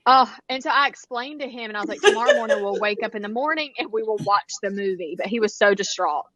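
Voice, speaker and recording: A woman, co-hosting a casual chat and telling animated stories with lots of quoted dialogue. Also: medium pitch, fast, a crowd in the background. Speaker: podcast co-host.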